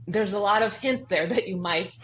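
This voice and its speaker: A woman's voice: medium pitch, normal speed, a little hiss or hum, rough recording. A woman guest on a podcast, telling a personal story earnestly and emphatically, acting out the voices in her head. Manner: earnest, emphatic, acts out quoted inner voices. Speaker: guest author. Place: podcast studio.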